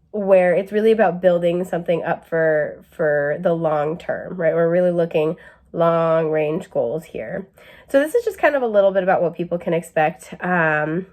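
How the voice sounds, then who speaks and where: A woman's voice: on the low side, darkish tone. Chatty young woman tarot reader. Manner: chatty, many fillers, asides to camera. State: occasional cough. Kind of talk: casual astrology reading.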